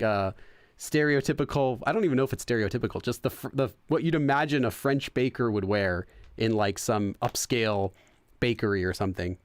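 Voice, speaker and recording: A man's voice: medium pitch, clean tone, no room sound, clean studio sound. A young man hosting a casual let's-play, chatting, laughing often and translating game text as he goes. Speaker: gaming channel host.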